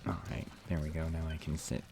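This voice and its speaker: Hushed gravelly young man streaming. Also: extremely low pitch, little pitch movement, brisk. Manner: hushed, half-whispered, rambling with restarts. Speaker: game streamer. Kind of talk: quiet live stream chat while playing. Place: room at home at night. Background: game music.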